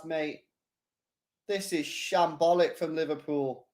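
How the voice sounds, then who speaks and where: A man hosting a live football watchalong, chatting casually, reading viewer comments and getting loud when play heats up. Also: fairly high pitch, slow pace. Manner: chatty, swings from mumbling to excited shouting. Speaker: live stream host.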